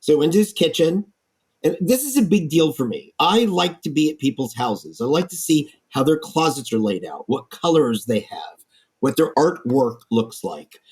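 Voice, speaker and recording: A man, an architect guest, telling stories in a lively, animated way in a podcast interview. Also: a little high, normal speed, breathy edge. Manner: lively storyteller, acts out quoted voices.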